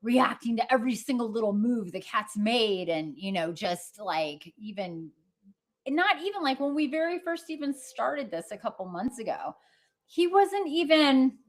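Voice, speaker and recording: A woman's voice: fairly high pitch, sing-song, moderate pace. A woman hosting a livestream, talking in a casual, rambling way full of fillers and restarts, and laughing easily. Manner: chatty, meandering, many fillers and restarts. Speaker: livestream host.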